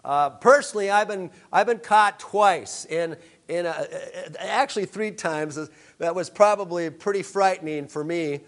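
A man preaching a sermon, telling stories with frequent halting restarts. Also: high voice. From Upper Midwest of the USA. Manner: halting storytelling with many restarts. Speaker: pastor.

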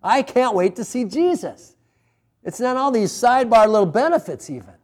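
A man's voice: very high voice, sing-song, normal speed. A man preaching a sermon as a pastor, conversational, with personal asides, laughs and calls of amen.

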